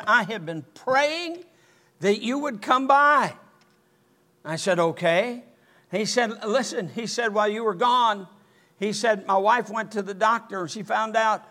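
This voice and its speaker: An older man preaching a sermon, telling a story in an animated way and rising to near-shouts. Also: high voice. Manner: animated, rises to near-shouting when excited. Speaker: pastor.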